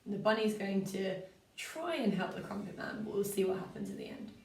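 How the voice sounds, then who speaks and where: A woman, a primary school teacher, giving a story-writing lesson for children in a clear, patient way, with lively expressive reading. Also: mid-range voice, brisk. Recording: roomy, from a distance.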